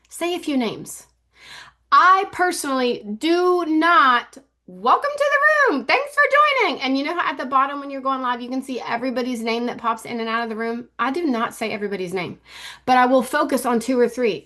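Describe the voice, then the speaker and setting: A woman's voice: a little high, a bit bright. A woman in her fifties giving casual social media coaching to camera, emphatic and repeating her key points over and over. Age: 50s. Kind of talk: casual teaching talk to camera.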